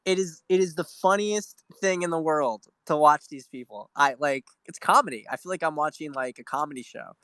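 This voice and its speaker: A man's voice: on the high side, lively intonation, normal speed, few pauses, sharp tone, no echo. A man hosting a casual political commentary livestream, talking in a rambling, profane way with many restarts and repeated words, reading out viewer questions. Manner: reads viewer questions aloud. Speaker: livestream host.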